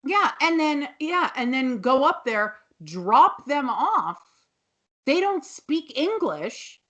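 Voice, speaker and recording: A woman's voice: high-pitched, big pitch swings, takes it slowly, a bit bright, dull audio. A woman co-hosting a podcast, casually and rambly recapping a TV episode with many restarts. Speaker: podcast co-host.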